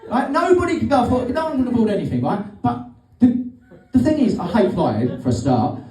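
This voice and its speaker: Sweary comic, lively pitch. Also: male voice, a little fast. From Britain. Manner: sweary, rambling, sardonic. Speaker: stand-up comedian. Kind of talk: stand-up comedy set. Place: comedy club stage with audience. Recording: roomy stage sound from a distance.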